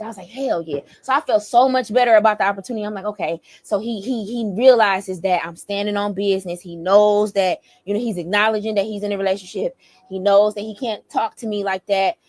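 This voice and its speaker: Animated, profane woman telling a story. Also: medium pitch, no echo. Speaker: battle rapper. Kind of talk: casual storytime rant.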